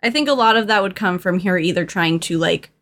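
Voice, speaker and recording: A woman's voice: on the low side, fairly quick. Chatty woman podcast co-host. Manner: chatty, animated, many fillers and restarts. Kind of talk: casual movie chat.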